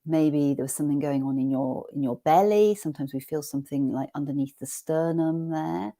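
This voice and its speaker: A woman with a low, mellow voice runs an online teacher-training session. She talks in a gentle, inviting way as she guides listeners through a calm exercise. Her voice comes through a computer mic on a video call. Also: a little fast. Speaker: teacher trainer leading a webinar.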